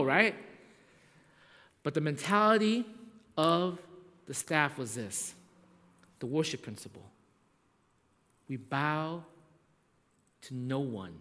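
Male pastor, sermon storytelling, loud-to-hushed swings, slightly raised pitch, echoing hall. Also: lively intonation, normal speed, long pauses.

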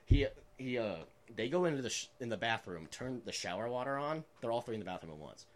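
A man's voice: mid-range voice, very animated, fast talker. A man in his twenties telling prank stories in a casual chat, rambling with lots of filler words and laughing as he goes.

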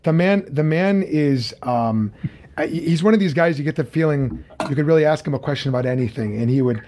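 A man hosting an interview over a video call, his voice pitched a little above the usual for a man. He talks casually and haltingly, full of "um"s and restarted phrases. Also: warm tone. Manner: halting, many fillers and restarts. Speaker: interview host.

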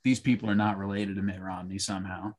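A man's voice: deep voice, level tone, fast talker. A man co-hosting a casual sports betting chat, dry and laid-back with short replies. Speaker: podcast co-host.

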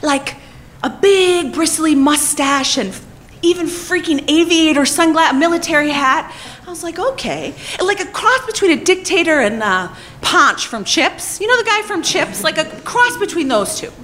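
A woman telling a comic personal story on stage, profane and animated, laughing as she talks. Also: very high-pitched, moderate pace, a little hiss or hum.

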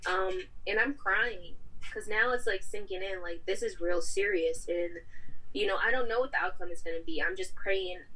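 A woman's voice: medium pitch, normal speed, slightly rough, poor audio. A woman guest on a podcast, telling a personal story in casual talk and acting out the people she quotes. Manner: animated, acts out quoted voices.

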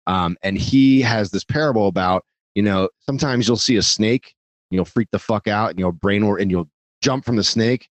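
A man's voice: fairly low pitch, moderate pace, no room sound. A man talking casually on a podcast, rambling, swearing freely and poking fun at himself. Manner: rambling, profane, self-deprecating. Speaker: podcast guest.

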